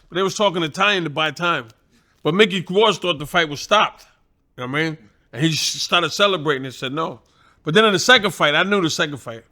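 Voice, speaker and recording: A man's voice: a little high, fast. A middle-aged man, a boxing trainer, telling stories in a loose, profane way and acting out the other people's voices. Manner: profane, animated, acts out quoted voices. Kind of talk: casual storytelling.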